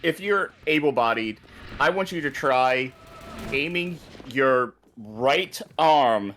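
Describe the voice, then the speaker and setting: A man's voice: medium pitch, animated, slow pace, fairly bright tone, a little hiss or hum. A man co-hosting a let's-play, playing the game and making amused, rambling remarks.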